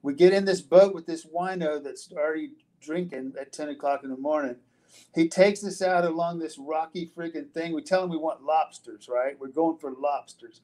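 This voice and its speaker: A man's voice: on the high side, normal speed, mellow, low-quality recording. An older man, a retired wrestler, answering interview questions in a loose storytelling way, with frequent restarts, fillers and casual swearing.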